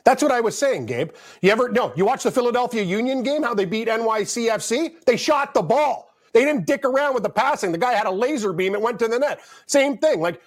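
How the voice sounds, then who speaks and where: A man co-hosting a sports betting talk show, excitable and quick to agree. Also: very high-pitched. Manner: excitable, quick to agree, acts out his own yelling. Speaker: co-host. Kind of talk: casual chat.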